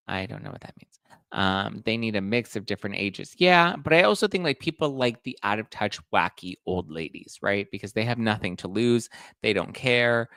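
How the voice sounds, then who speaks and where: A man's voice: lowish voice, gravelly, fairly bright tone, clean tone, dry recording, clean studio sound. A man hosting a casual gossip podcast, chatting and reading out audience comments. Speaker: podcast host. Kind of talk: casual pop-culture gossip chat.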